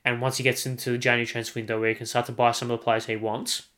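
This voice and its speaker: An Australian man holds forth alone on his podcast, hammering his points home by saying them again and again. He talks at a middling pitch and swears without a second thought. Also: flat delivery, racing, fairly bright tone. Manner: emphatic, repeats himself, swears freely. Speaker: podcast host. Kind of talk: solo sports podcast rant.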